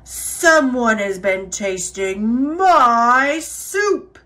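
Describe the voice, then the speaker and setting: A woman doing a booming gruff papa polar bear. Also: animated, extremely slow, bright, forceful tone, full character voice. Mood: roaring. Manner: booming, roaring.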